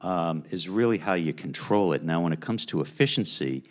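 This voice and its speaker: Deep-voiced man on a finance panel. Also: lively intonation, moderate pace. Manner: casual, uses "you know" and restarts. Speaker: panelist, company CFO. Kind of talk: panel answer. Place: university event hall.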